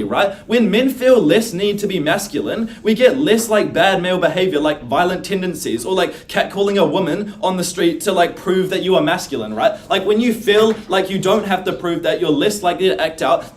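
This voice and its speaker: A teenage boy giving a competitive debate speech in a loose style, full of "like" and "uh". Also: high voice. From New Zealand. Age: teens. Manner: loose, filler-heavy delivery with lots of "like". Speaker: school debater. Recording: distant room mic.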